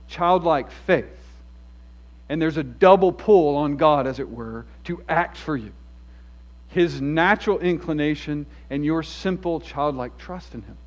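A male pastor preaching an expository sermon in a church, earnest and story-driven, moving between emphatic and hushed delivery. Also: a little high, unhurried. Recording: dull lo-fi sound.

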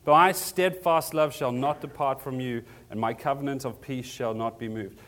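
A man's voice: mid-range voice, fairly even intonation, normal speed, a bit bright. Earnest male preacher, conversational. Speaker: pastor. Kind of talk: sermon.

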